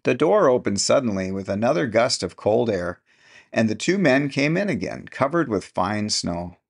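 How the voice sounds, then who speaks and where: A man narrating a classic short story in a measured storytelling delivery. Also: mid-range voice, big pitch swings, vocal fry, slightly rough. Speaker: audiobook narrator. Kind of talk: scripted narration.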